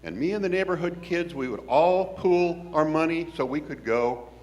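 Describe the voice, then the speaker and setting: Male storyteller, from the Pacific Northwest; wry, folksy, very animated delivery with a slightly raised pitch. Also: moderate pace. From Washington State, US. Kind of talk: personal storytelling.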